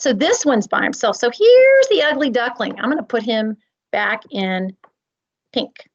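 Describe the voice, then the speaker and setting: A woman's voice: on the high side, a little slow, husky, lo-fi sound. A woman teacher reading a play aloud, explaining with dramatic emphasis and repetition. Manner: expressive, dramatic, repeats key points. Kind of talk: read-aloud lesson.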